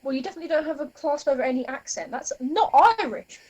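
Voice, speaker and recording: A woman's voice: sits high, fast, darkish tone, low-quality recording. A young woman, co-hosting a casual podcast, teasing with dry banter. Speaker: podcast co-host.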